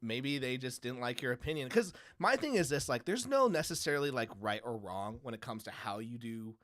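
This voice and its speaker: A man's voice: medium pitch, animated, fairly quick, fairly bright tone, dry recording, clean studio sound. A man hosting a casual comics talk show, rambling through stories and acting out other people's lines with frequent laughs. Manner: rambling, laughs often, acts out quotes. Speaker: podcast host. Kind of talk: casual chat.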